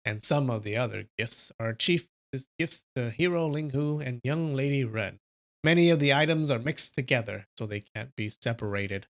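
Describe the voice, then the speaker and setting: A man reading a wuxia novel aloud on a livestream, voicing a smooth male envoy from a rival sect in low, soft, ingratiating tones. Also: normal speed, close to an everyday voice.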